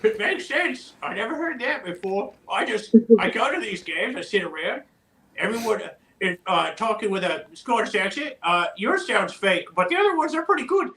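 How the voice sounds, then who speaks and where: A man's voice: high-pitched, very animated, moderate pace, sharp tone, heavily acted. A man voicing a tall, easygoing male goblin with ogre blood, who rambles with lots of "uh" and "you know" in a livestream interview. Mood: puzzled.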